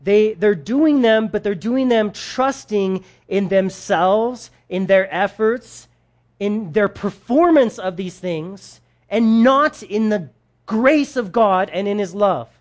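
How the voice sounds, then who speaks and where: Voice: mid-range voice, slow. A Bible teacher giving a casual sermon, talking in a conversational, slangy way and paraphrasing scripture in everyday speech.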